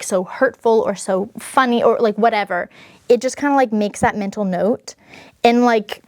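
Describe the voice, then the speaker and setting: A chatty young woman talks through a personal storytime with lots of fillers and self-conscious asides. Her voice sits a little high, and the sound is close and dry with no room echo. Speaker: vlogger. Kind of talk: casual storytime monologue.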